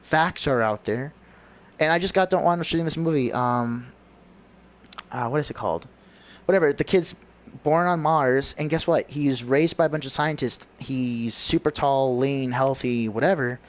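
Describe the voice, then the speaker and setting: A man's voice: mid-range voice, normal speed. A man giving a rambling, preachy monologue on his livestream, often searching for words. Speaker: livestream host.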